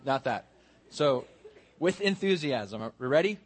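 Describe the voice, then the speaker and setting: A man's voice: a little high, normal speed. A man preaching a sermon in a church, asking his congregation earnest questions. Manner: earnest questioning, building to a led prayer. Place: church sanctuary.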